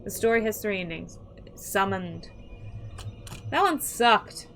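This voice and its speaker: A woman's voice: mid-range voice, lively intonation, slow pace, gravelly, fairly bright tone, a little hiss or hum, low-quality recording. A young woman gaming creator reading an interactive horror story aloud, chatty and reactive, with startled outbursts as she comments between lines. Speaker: gaming YouTuber.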